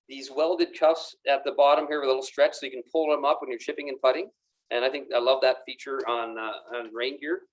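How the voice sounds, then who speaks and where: A man presenting golf apparel on camera in a pro shop, enthusiastic and chatty, often repeating his words as he goes. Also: mid-range voice. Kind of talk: casual product demonstration to camera. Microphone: camera mic, moves around the room.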